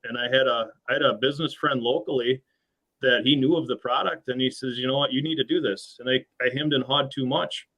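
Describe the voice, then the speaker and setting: A man's voice: medium pitch, fairly even intonation, fairly quick, pushed and bright, rough recording. A middle-aged American man, a machine shop owner, talking earnestly and hesitantly as an interview guest. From USA. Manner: earnest, hesitant with frequent restarts. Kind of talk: casual interview chat.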